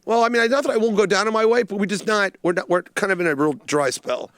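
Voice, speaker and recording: A man from Baltimore with a matching accent tells rambling, crude stories as a comedy podcast guest. His voice sits high for a man, and the recording is dry and close. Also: quick pace, a bit bright, no echo. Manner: rambling storyteller, crude jokes. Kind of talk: casual comedic podcast banter.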